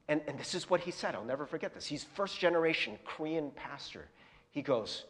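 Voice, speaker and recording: A man's voice: a little high, lively intonation, a little fast, fairly bright tone, big-room sound. A male pastor preaching a sermon, telling candid stories with self-deprecating laughs and casual fillers.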